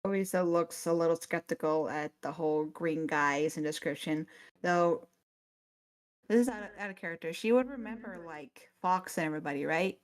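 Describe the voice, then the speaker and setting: Low-voiced woman player, lots of fillers. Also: moderate pace. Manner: many fillers, laughing asides. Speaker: tabletop game player. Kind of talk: describing a character.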